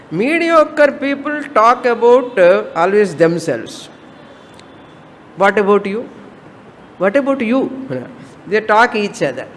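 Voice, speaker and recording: A woman's voice: medium pitch, long reverb tail, slight background noise. A woman teaching a Vedanta class, repeating herself and firing off rhetorical questions to her students. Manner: repetitive, fires off rhetorical questions. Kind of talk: spiritual lecture to students.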